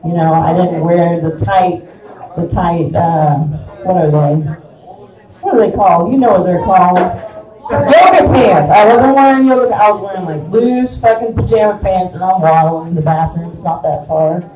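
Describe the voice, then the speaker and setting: A woman's voice: fairly low pitch, moderate pace, mellow, recorded from a distance. A middle-aged woman with a Kansas accent doing a crude, self-mocking live stand-up set in a small bar. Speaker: stand-up comedian. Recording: echoey room picked up from afar.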